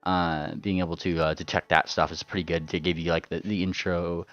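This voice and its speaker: A man's voice: sits low, little pitch movement, a little fast, fairly bright tone, no echo. A man running a tabletop game as game master, rambling with lots of fillers and repeated words. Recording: dull lo-fi sound.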